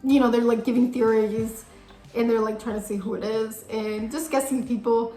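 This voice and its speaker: A young woman chats through a story in a high, giggly voice, dropping lots of fillers as she goes. The room rings with a noticeable echo, and soft music plays faintly underneath. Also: fairly even intonation, normal speed. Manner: giggly, chatty, many fillers. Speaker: vlogger. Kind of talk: casual storytelling.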